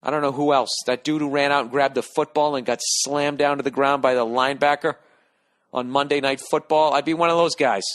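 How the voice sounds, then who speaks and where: A middle-aged American man hosting a podcast, telling a profane, animated comic story and acting out the people in it. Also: medium pitch, fairly quick. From United States. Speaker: podcast host. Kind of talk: casual comedic monologue.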